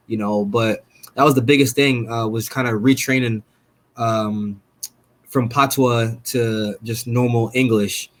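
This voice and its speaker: A young man from Jamaica, a fighter guest chatting casually on a podcast, laid-back and animated, laughing often. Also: mid-range voice, normal speed.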